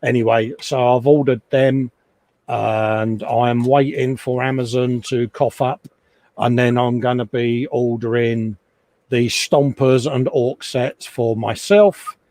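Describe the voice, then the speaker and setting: A man's voice: medium pitch, fairly even intonation, slow, darkish tone, no room sound. A middle-aged man hosting a casual live chat from his hobby workshop, chatty and self-mocking, often laughing at himself. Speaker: livestream host. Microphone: desk microphone.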